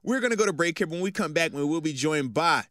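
A man co-hosts a sports radio show in a loose, slangy way. His pitch swings freely and sits a little high. The mic is close, with no room sound. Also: quick pace, no room sound. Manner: animated, slangy. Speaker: sports radio co-host, former player. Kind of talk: casual sports talk.

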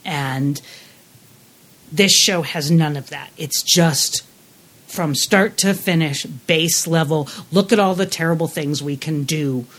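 A woman co-hosting a podcast, giving blunt, animated reviews in casual chat with frequent restarts. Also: deep voice, slow pace. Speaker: podcast co-host.

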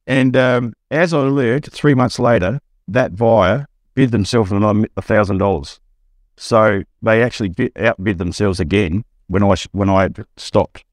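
A middle-aged Australian man, a buyer's agent, telling an animated anecdote on a podcast and acting out the quotes. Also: normal speed, no room sound, clean studio sound. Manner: storytelling, acts out quotes with rising pitch.

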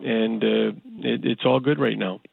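A man calling in to a sports radio show, talking over others with halting restarts. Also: on the low side, fairly even intonation, vocal fry. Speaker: radio insider guest on the phone. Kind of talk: casual phone-in sports chat. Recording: dull lo-fi phone line.

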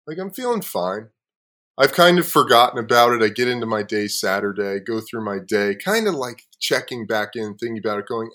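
Guy on a podcast telling a story, cusses a lot, laughs, goes quiet when he gets reflective. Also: medium pitch, lively intonation, a little fast. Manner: swears freely, laughs often. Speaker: podcast host.

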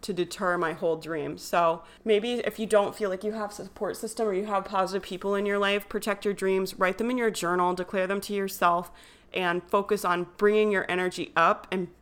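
A woman's voice: lowish voice, a bit bright. A young woman hosting a podcast, talking in an earnest, encouraging way, chatty and full of fillers. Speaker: podcast host. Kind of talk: casual motivational monologue.

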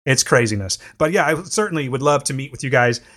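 A man's voice: mid-range voice, lively intonation, quick pace, a bit bright. Rambling, foul-mouthed male podcast host. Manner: loose, profane and rambling. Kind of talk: casual podcast chat.

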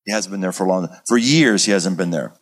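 A pastor teaching in a sermon style, animated and dramatic, acting out the scenes he describes. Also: low voice, brisk, low-quality recording.

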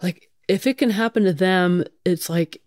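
A woman's voice: lowish voice, normal speed, a little mellow, no room sound, clean studio sound. Blunt, candid middle-aged woman firefighter. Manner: blunt, casual and profane, with many fillers. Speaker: firefighter telling her story. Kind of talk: candid conversational storytelling.

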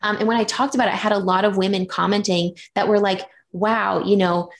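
A woman's voice: medium pitch, steady tone, brisk. A woman in her thirties, a podcast guest, telling candid personal stories in casual chat, with many fillers.

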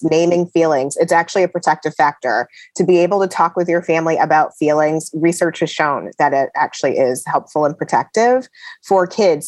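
A woman guest expert on family coping skills answers in an interview. Her voice sits a little low and sounds dry and close. She explains steadily, with casual likes between points. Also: a little mellow, no echo. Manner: explanatory, uses likes as fillers.

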